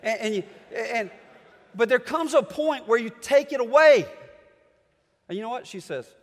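A middle-aged man preaching a sermon, reading scripture dramatically and swinging between booming passages and hushed ones. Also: animated, normal speed. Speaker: pastor. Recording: long hall reverb.

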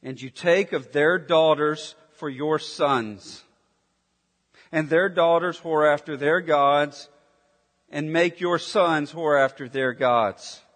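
A man preaching a sermon, emphatic, dropping to intense near-whispers and rising to forceful declarations. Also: on the high side, slow. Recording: long hall reverb.

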